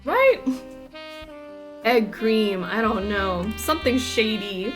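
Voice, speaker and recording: A woman streaming a mystery game, chatting and thinking out loud as she reads the game's text aloud. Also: on the high side, lively intonation, takes it slowly, long pauses, music in the background. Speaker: gaming streamer. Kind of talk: casual let's-play commentary, reading game text aloud.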